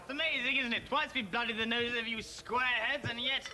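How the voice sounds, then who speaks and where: An actor playing a rude, bigoted ex-British ambassador in a TV comedy sketch, blustering out insults. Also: male voice, extremely high pitch, steady tone, fairly quick, a crowd in the background, background noise. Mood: sneering. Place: TV studio with live audience. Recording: studio audience laughter.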